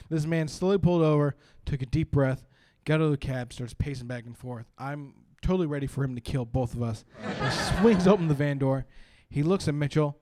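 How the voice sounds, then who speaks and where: A young man from Canada doing profane, animated stand-up storytelling on a live stream, jumping into shouted punchlines. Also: a little high. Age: young adult. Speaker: stand-up comedian.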